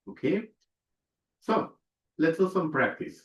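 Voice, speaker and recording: A man leads a pronunciation lesson at a slow, deliberate pace, repeating every example word and pausing to ask if listeners follow. His voice sits in an echoey room, and the recording sounds dull and lo-fi. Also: mid-range voice. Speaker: language teacher.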